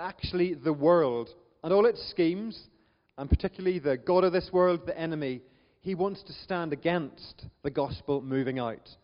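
Northern Irish preacher in a reverberant church. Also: male voice, fairly high pitch. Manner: chatty, self-deprecating, frequent ums. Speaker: visiting preacher. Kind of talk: sermon. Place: church hall. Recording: dull church recording with long reverb.

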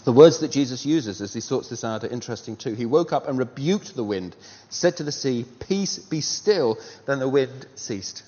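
Lively preacher in a reverberant hall. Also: male voice, mid-range voice, a little fast, few pauses. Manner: animated, rhetorical questions, self-deprecating humour. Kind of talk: sermon with storytelling. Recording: dull sound with long hall reverb.

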